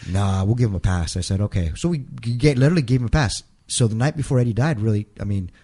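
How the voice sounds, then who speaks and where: Low, mellow-voiced man telling a story. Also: animated, fast, husky. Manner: rambling, repeats and restarts, quotes others in his own voice. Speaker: interview guest. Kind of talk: casual storytelling in an interview.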